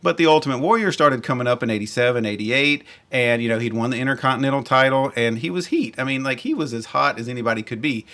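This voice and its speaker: A man's voice: mid-range voice, animated, fast, few pauses, bright, forceful tone. A man hosting a podcast, chatting casually and with enthusiasm, rambling and correcting himself as he goes. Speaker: podcast host. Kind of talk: casual chat.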